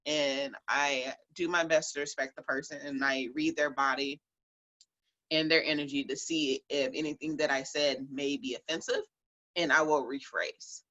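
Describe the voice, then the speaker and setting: A woman's voice: sits low, steady tone, moderate pace, pushed and bright, dull audio. A woman who runs a Reiki and herbal business, answering interview questions in a blunt, chatty way and laughing often.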